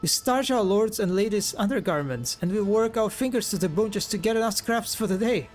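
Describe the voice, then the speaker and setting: A man voicing a frightened lowborn laundry woman who pleads and stammers, reading game dialogue aloud on a live stream. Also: lively intonation, brisk, faint music behind. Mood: pleading.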